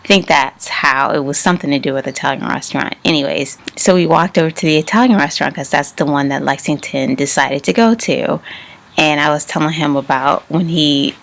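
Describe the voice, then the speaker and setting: A woman's voice: low-pitched, a little fast, gravelly, a bit bright. A young woman vlogger telling a personal story casually, rambling and laughing as she acts out both sides of the conversation. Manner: rambling, laughs often, quotes others in dialogue.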